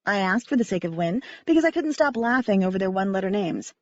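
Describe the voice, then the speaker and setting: A woman narrating a first-person audiobook in a wry, animated manner. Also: medium pitch, fast, hardly any pauses, dry recording, highs cut off.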